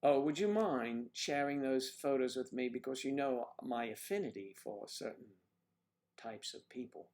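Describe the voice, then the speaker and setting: A man's voice: mid-range voice, moderate pace, a little mellow. A man hosting a casual livestream, rambling and joking as he reacts to viewer comments. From United States. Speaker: livestream host.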